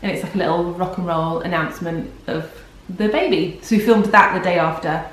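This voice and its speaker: A young pregnant woman vlogs casually in a very echoey room, sounding tired as she rambles and pokes fun at herself. Her voice is on the low side and a little fast.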